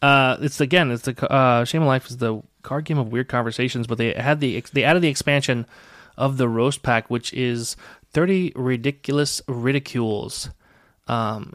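A man's voice: medium pitch, moderate pace, a bit bright, no echo, studio quality. Laid-back man co-hosting a comedy podcast. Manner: laid-back, laughs often. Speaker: podcast co-host. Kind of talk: casual comedy podcast chat.

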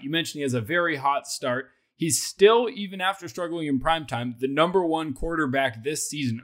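A man's voice: fairly high pitch, a bit bright. A man hosting a sports podcast in casual chat, loose and self-deprecating as he reads out betting odds. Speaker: podcast host.

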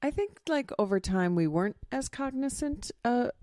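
A woman's voice: fairly high pitch, lively intonation, normal speed, a little mellow. A middle-aged woman co-hosting a podcast, chatting casually with dry, wry humor. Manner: dry, wry, laughs often. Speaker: podcast co-host. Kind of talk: casual chat.

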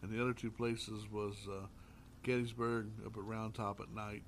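A man, a paranormal investigator guest, telling drawn-out, folksy anecdotes in casual chat with many pauses and hesitations. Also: fairly low pitch, little pitch movement, a little hiss or hum. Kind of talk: casual storytelling.

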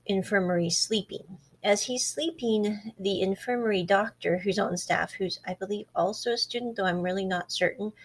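A woman's voice: medium pitch, breathy edge. Woman casually recapping a drama episode. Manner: conversational, retells scenes with quoted dialogue. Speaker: drama reviewer.

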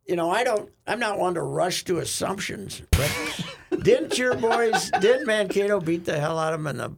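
A man's voice: sits high, expressive, moderate pace, vocal fry, noisy background. A man co-hosting casual sports radio chat, rambling with restarts and frequent laughs.

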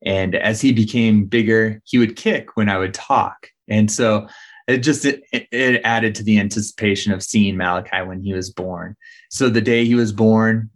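A man, a father, recounting the birth of his son in a heartfelt way. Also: on the low side. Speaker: father telling a family story. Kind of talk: personal storytelling.

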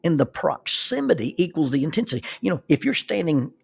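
A man telling a personal story as a life lesson, animated and acting out the people in it. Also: a little high, fairly quick, gravelly, slightly rough. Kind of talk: spoken storytelling.

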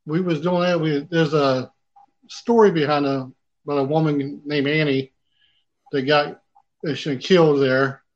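A man's voice: fairly high pitch, fairly even intonation, a little slow, lo-fi sound. A man, a paranormal investigator, telling his own story in plain, colloquial speech. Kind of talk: casual storytelling.

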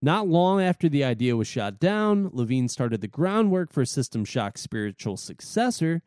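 A man's voice: a little high, sing-song, moderate pace, darkish tone, clear, resonant tone, no echo, clean studio sound. A man co-hosting a chat, reading out game history facts and joining in the banter. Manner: reads facts, then laughs along. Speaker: podcast co-host.

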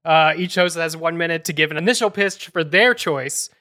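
A man hosting and moderating a podcast debate in a brisk, wry, organized way. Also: a little high, bright, forceful tone. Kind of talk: hosting a debate, casual chat.

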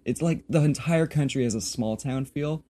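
A man's voice: medium pitch, moderate pace, mellow. A man co-hosting a podcast, reading from sources in a casual chat, laughing often and swearing now and then. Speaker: podcast co-host.

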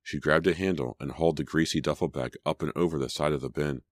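Very deep-voiced man narrating. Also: no room sound. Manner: measured storytelling. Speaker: audiobook narrator. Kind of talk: scripted narration.

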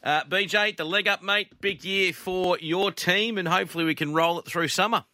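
A man's voice: high-pitched, moderate pace, sharp tone, no echo. An Australian man hosting a radio racing panel, joking and laughing with the panellists. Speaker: host. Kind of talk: casual radio panel chat.

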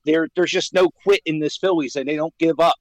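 A man's voice: a little high, steady tone, brisk, dry recording, low-quality recording. A man calling in to a radio show, boastful and rambling, fired up as he talks sports. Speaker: caller. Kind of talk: excited sports chat on the radio.

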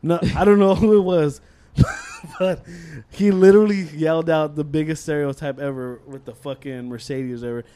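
A young man co-hosting a podcast tells a school story in casual chat, acting out the voices of the people involved and swearing heavily. His voice sits on the high side, and he speaks smoothly at a moderate pace with hardly any pauses. The storytelling is animated.

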